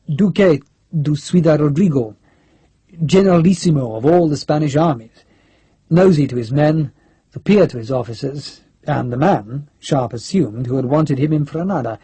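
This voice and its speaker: A man narrating an audiobook in a steady, measured storytelling voice. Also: mid-range voice, breathy edge, no room sound. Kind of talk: scripted narration.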